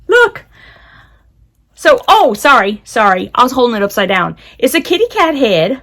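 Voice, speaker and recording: Giggly woman with a gravelly edge. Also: high-pitched, sing-song, moderate pace, a bit bright. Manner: chatty, giggly, talks to her cat. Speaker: unboxing vlogger. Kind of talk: casual unboxing chat.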